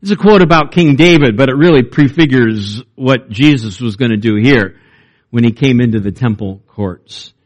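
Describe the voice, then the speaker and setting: A man preaching a sermon in a conversational way, with fillers and restarts, and his pitch rises when he reads or retells.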